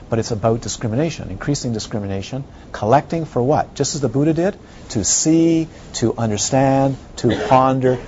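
Speaking in a mid-range voice, a male Buddhist teacher gives his students an animated dharma talk full of rhetorical questions, acting out how people react. The audio has its highs cut off and a little hiss or hum.

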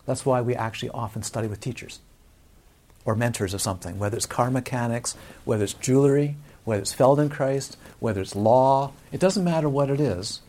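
A man's voice: mid-range voice, brisk, warm tone. A man teaching a Buddhist dharma talk to a live audience, in a conversational way with frequent questions to the listeners.

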